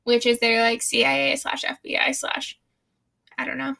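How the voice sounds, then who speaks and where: A young woman co-hosts a loose, chatty book discussion, with a high voice and plenty of gravelly fry. Her tone is bright and sharp, and she swears and laughs freely as she recaps. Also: flat delivery, moderate pace. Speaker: podcast co-host. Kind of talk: casual book-club chat.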